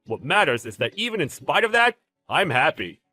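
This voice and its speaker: Man acting a brash ex-husband, defensive, whiny, higher voice, very lively pitch. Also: normal speed, faint music behind, heavily acted. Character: brash, clueless cheating ex-husband. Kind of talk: audio drama acting.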